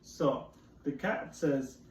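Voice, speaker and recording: A man's voice: mid-range voice, very slow. A man teaching a phonics lesson to children, patiently reading a picture book aloud and asking them about its rhymes. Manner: patient, explains rhymes and asks questions. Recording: roomy, distant, faint noise.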